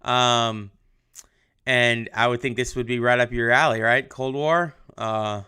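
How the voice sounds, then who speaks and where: Young man, history teacher, casual live online lesson, chatty with many ums, bright, clear. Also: mid-range voice, steady tone, measured pace. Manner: chatty, many ums, reads and answers viewer comments. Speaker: high school history teacher.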